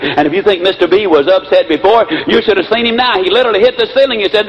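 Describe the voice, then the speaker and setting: Animated, fast-talking male motivational speaker. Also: high voice. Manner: animated, storytelling, folksy. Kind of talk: motivational speech with acted stories. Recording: muffled lo-fi with faint hiss.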